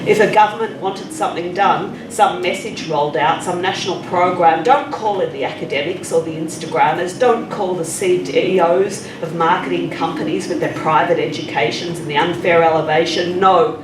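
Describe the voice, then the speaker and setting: A crime writer reading from her novel in a slow, measured way. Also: on the low side. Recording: echoey room, distant mic, audible noise.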